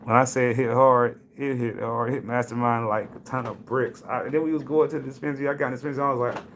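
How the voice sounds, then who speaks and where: A man with a gravelly, mid-range voice hosts a casual livestream. He chats in a loose way, tells stories and greets viewers by name. A faint hiss sits under the recording. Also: medium pitch, fairly even intonation, fast, a bit bright. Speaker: livestream host. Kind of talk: casual live-stream talk.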